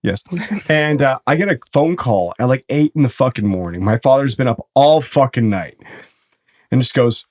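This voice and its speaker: A man's voice: mid-range voice, lively intonation, normal speed, a little mellow. A man, host of a casual podcast, telling a rambling, profane story. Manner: rambling, profane storytelling, often breaking into laughter.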